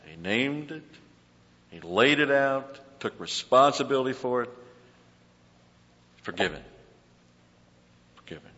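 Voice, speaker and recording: A man's voice: medium pitch, expressive, unhurried, long pauses, fairly bright tone. A middle-aged man preaching a sermon as pastor, earnest and emphatic, often repeating words as he searches for them. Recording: dull lo-fi sound with long hall reverb.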